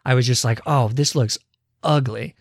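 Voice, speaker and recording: A man's voice: mid-range voice, fairly even intonation, normal speed, dry recording, clean studio sound. A man in his twenties chatting casually as a podcast host, running a quiz game with his co-host. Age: 20s. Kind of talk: casual chat.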